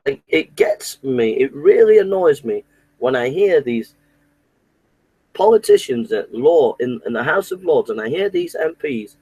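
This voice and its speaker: A man's voice: mid-range voice, huge pitch swings, a little slow, warm tone, breathy edge, dry recording, low-quality recording. A man delivering an indignant, repetitive political rant, often restarting his sentences. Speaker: political commentator. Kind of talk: impassioned monologue to camera.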